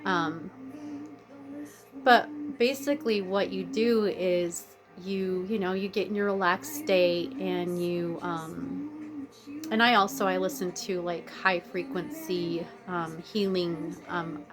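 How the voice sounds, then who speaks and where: A woman's voice: on the low side, takes it slowly. A woman vlogger chatting casually, rambling and drifting off topic, blunt and swearing freely. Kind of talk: casual chat. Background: faint music playing.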